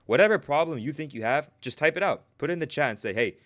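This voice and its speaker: A young man coaching traders on a live stream, talking fast and tagging "right?" onto his points. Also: fairly high pitch. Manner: energetic, repeats "right?" as a check-in, acts out traders' inner voices. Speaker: trading coach.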